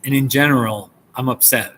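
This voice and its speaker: A man's voice: medium pitch, fairly even intonation, moderate pace, fairly bright tone, low-quality recording. A man with a New Jersey accent chatting casually on a live stream, joking and answering viewers. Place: coffee shop.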